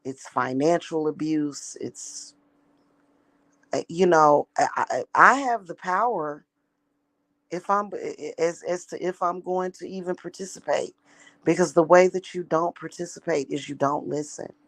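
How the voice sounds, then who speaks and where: A woman's voice: sits low, measured pace, no room sound. A woman talking casually in a vlog monologue, rambling and repeating herself with emphatic restarts. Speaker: spiritual practitioner.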